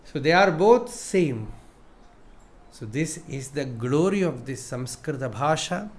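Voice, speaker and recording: A man giving a spiritual discourse as a teacher, measured in his delivery, repeating phrases and chanting verses. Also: fairly high pitch, expressive, a little hiss or hum. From India.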